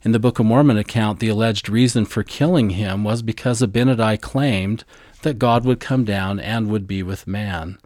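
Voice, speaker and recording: This is a man co-hosting a scripture lesson podcast, and his voice sits a bit low. He is eager and deliberate, taking care over how names are pronounced. The sound is dry and close, with no room around it. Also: a little mellow, no room sound. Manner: eager, deliberate, spells out pronunciations. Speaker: podcast co-host teaching scripture.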